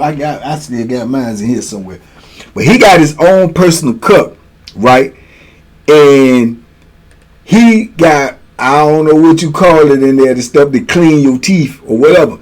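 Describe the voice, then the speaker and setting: A man's voice: fairly high pitch, low-quality recording. A man casually telling a prison story, laid-back and slangy, breaking into laughs. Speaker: storyteller, host.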